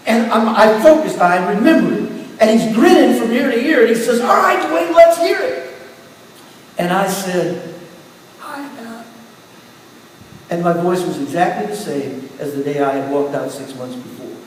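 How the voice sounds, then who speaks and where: Man preaching, high voice, storytelling, quiet then emphatic, big echoey church, heard from far off. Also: animated, normal speed. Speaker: pastor. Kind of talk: sermon with personal testimony. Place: church sanctuary. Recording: echoey hall from far off, faint hiss.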